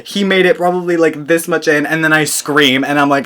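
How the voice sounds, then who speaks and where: A man with a British accent telling a story in a vlog, expressive, swearing and laughing as he talks. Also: on the high side, moderate pace, clean tone. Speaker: vlogger.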